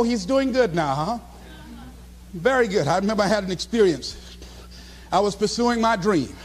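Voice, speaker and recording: Middle-aged male motivational speaker, very high and animated, preacherly and shouting. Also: in a large hall. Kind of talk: motivational speech.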